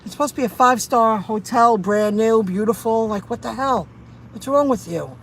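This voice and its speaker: Woman, driver-vlogger, chatty and indignant, slightly high voice, recorded in a loud car. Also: normal speed. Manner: chatty, indignant storytelling, reads viewer comments aloud. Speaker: rideshare and delivery driver vlogger. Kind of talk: casual venting chat to viewers. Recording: noisy car and street background.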